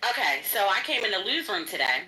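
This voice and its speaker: A woman's voice: medium pitch, big pitch swings, fast talker, roomy sound, background noise. A woman in an audio chat room argument, mocking and profane, talking over the others. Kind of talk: heated argument.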